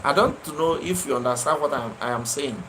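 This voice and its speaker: A man's voice: medium pitch, brisk, fairly bright tone, a little hiss or hum, poor audio. A man with a Nigerian accent hosting a live stream, answering viewers by name and scolding them with fiery, repetitive emphasis. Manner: impassioned, scolding, repeats his phrases for emphasis. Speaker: livestream host.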